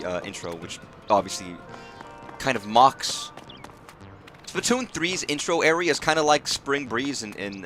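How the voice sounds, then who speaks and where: Bright-voiced, rambling male game streamer. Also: fairly low pitch. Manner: rambling, profane, restarts phrases. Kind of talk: casual live gameplay commentary.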